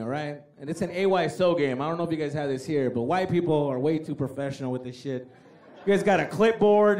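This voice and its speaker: A man's voice: sits high, a little hiss or hum. A young man doing a stand-up comedy set, telling stories animatedly with lots of profanity, on a handheld mic before a live audience in a large venue. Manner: animated storytelling, lots of profanity, acts out voices. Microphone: handheld stage mic. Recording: live stage recording with audience laughter.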